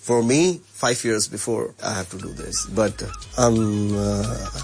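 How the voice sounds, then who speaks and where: A man with a Punjabi accent speaks in a low, husky voice in a backstage interview. He talks in a halting, humble way with many fillers. Faint music plays behind him. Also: steady tone, darkish tone. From Punjab, India.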